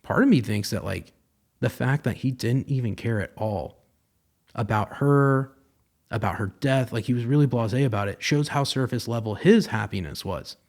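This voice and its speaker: A man's voice: mid-range voice, moderate pace, darkish tone. A young man hosting a podcast, casually retelling a film's plot in a rambling way, acting out the characters' lines and swearing now and then. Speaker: podcast host. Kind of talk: casual film review monologue.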